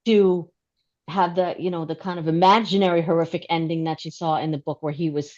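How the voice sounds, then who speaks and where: A woman's voice: sits low, steady tone, brisk, a little mellow, muffled recording. A middle-aged woman chatting in a book club discussion, talking easily and laughing often.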